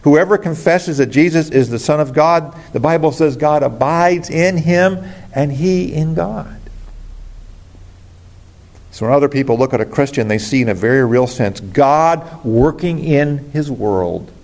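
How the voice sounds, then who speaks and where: A man's voice: fairly high pitch, measured pace, darkish tone. A man preaching a sermon as a pastor, earnest and rising to emphatic exclamations.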